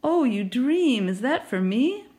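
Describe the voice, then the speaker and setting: A woman's voice: on the high side, big pitch swings, moderate pace, vocal fry, voice pushed up. A woman voicing a chatty, bustling neighbor lady who reads tarot. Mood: gushing. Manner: bustling, gushing, theatrical.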